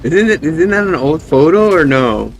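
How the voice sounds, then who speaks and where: A man's voice: fairly high pitch, sing-song, moderate pace, slight background noise. Dry-humored man chatting with a friend. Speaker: friend on a call. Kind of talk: casual chat.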